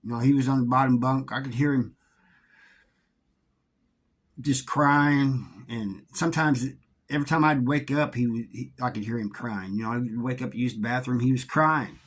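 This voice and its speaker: A middle-aged man telling a story from his time in prison in a casual, halting way, often repeating words. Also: mid-range voice, fairly even intonation, a bit bright. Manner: halting, repeats words, drawling Southern-sounding grammar.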